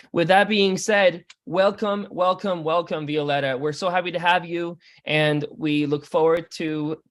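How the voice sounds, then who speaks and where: A host introducing a speaker and welcoming the audience at an online meeting, part of it read out. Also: medium pitch. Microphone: video call.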